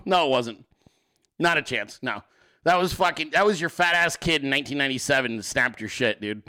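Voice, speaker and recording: A male host giving profane comedic political commentary, animated and often laughing. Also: mid-range voice, brisk.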